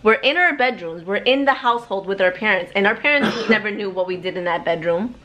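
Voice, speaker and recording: A woman's voice: medium pitch, a little fast, a bit bright. A young adult woman vlogging at home, talking casually and reflectively, rambling with many "like"s. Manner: rambling, heavy use of "like". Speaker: vlogger and mother.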